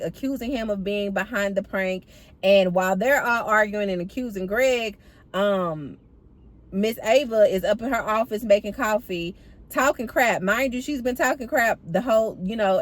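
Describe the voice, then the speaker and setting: A woman chatting animatedly to her viewers as she recaps a TV episode, apparently from a car. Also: medium pitch. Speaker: TV recap vlogger. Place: in or by a parked car.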